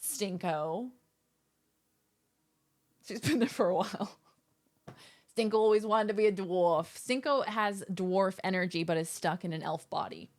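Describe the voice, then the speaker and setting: A young woman hosts a casual livestream from her home setup. She rambles playfully to her viewers with goofy asides, and her voice sits at an ordinary middle pitch. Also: moderate pace. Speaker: live streamer. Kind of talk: casual chat with stream viewers.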